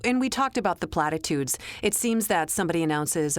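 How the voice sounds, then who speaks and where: Low-voiced woman host, calm thoughtful questions, dry close sound. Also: brisk, dry recording. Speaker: podcast host. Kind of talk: interview questions.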